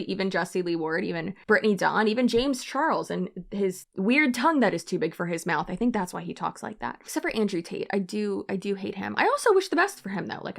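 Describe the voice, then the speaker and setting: A woman's voice: mid-range voice, vocal fry. A young woman doing casual commentary, reading mean comments aloud and answering them with sassy, sarcastic comebacks.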